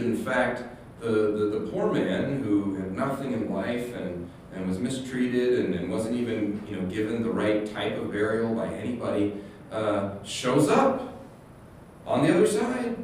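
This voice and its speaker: Pastor, man, chatty sermon delivery with rambling asides. Heavy room echo, distant mic. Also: a little high. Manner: rambling, animated storytelling with many restarts and quoted asides. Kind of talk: casual sermon. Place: church sanctuary. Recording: echoey hall, distant mic, faint hum.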